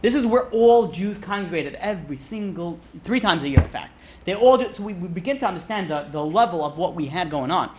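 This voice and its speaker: A man's voice: high voice, expressive, brisk, noisy background. A man, a rabbi, teaching an informal class in a chatty, joking way, often asking "right?" and "you know".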